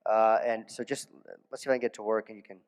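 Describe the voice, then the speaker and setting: A man, a dentist, giving a conference lecture in a casual storytelling way, animated, with restarts and asides. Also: fairly low pitch, quick pace, clean tone, big-room sound. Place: conference hall.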